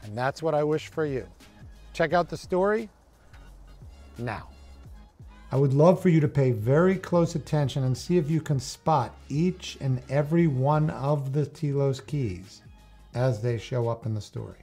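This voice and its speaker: Gravelly, mellow-voiced male storyteller. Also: mid-range voice, faint music behind. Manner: calm, measured, unhurried storyteller. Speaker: tennis coach. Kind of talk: storytelling narration.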